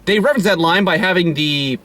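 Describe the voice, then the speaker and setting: A young man hosting a casual movie review from inside a car, animated and profane, often laughing and breaking into mock outbursts. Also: sits high, a little fast. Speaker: host of a movie review show.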